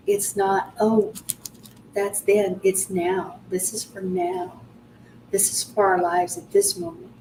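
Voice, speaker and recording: Emphatic woman in a Bible study, off-mic. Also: medium pitch. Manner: emphatic, correcting pronunciation. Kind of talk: group Torah study discussion. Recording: distant mic with faint background noise.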